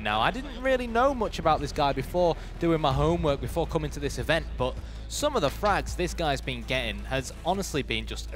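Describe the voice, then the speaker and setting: A man's voice: mid-range voice, a little hiss or hum. A man casting live esports play-by-play, building hype around each kill. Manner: excitable play-by-play, bursts of hype on kills.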